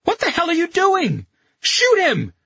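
A man voicing a hot-headed young Italian man who yells urgently. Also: extremely high pitch, huge pitch swings, unhurried, dry recording, muffled recording, voice pushed up, heavily acted. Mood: yelling. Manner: yelling.

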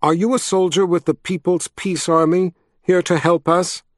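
A man's voice: sits high, steady tone, no echo, studio quality, pitched above the performer's own voice, close to an everyday voice. A man reading aloud and voicing a frightened, humble peasant woman who pleads and apologizes in a rush. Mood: frightened pleading. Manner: rushed, pleading, hurried apologies.

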